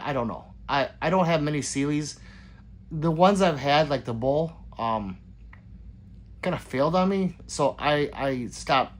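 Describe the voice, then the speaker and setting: A man hosting a casual livestream, rambling and joking as he reads viewer comments aloud. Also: on the high side. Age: adult with children. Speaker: livestream host reading chat.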